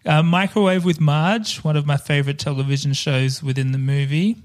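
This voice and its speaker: A man's voice: a little high, steady tone, fairly quick. A man co-hosting a casual film podcast, enthusiastic, laughing often and swearing freely. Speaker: podcast co-host. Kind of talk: casual chat.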